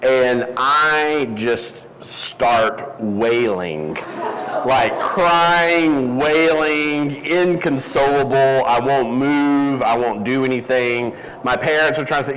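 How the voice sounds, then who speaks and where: A man's voice: medium pitch, a little slow, a bit bright, big-room sound, a little hiss or hum, low-quality recording. A man telling a rambling, self-deprecating story with lots of fillers as a guest at a live event. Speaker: interview guest. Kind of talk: casual storytelling. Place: event hall.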